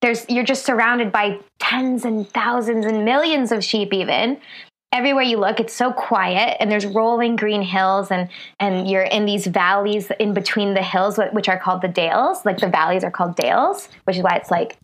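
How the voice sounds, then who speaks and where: A woman comedian chatting as a guest over a remote call, lively and quick to laugh. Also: medium pitch. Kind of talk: casual podcast chat.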